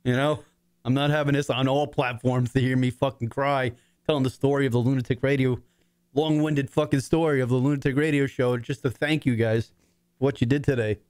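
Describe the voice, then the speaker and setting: A man's voice: mid-range voice, steady tone, fairly quick, a little mellow, clear, resonant tone, no room sound. A middle-aged man hosting a talk show, rambling with lots of swearing, emotional and with his voice cracking. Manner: rambling, profane, choked up. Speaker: podcast host. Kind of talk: emotional casual monologue.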